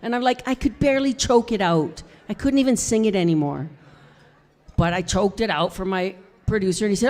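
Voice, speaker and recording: Singer chatting on a club stage. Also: female voice, lowish voice, moderate pace. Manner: expressive storytelling, acting out quotes. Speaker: singer-songwriter performing live. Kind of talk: chatty stage banter between songs. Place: music club, live show. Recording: reverberant live club sound with guitar.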